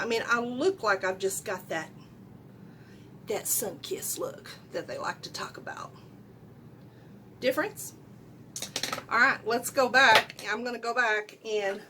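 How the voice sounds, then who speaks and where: A middle-aged woman giving a casual makeup tutorial at home, chatty and loud, often asking viewers questions. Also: mid-range voice, a little hiss or hum. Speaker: beauty vlogger.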